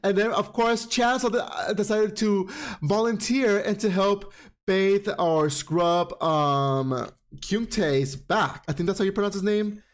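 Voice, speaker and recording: Host, male, high voice, sassy and dramatic, swears freely, casual recap. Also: measured pace. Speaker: podcast host. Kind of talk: casual commentary on comics.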